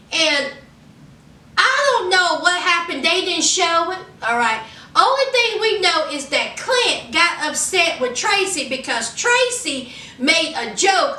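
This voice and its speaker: A high-voiced woman recaps a reality show episode, talking casually and sassily straight to her viewers in an animated way. The sound is reverberant, with the mic set at a distance.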